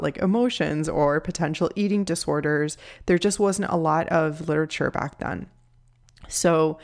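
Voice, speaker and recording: A woman in her thirties hosting a solo podcast, talking in an earnest, heartfelt and encouraging way as a nutrition coach. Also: low voice.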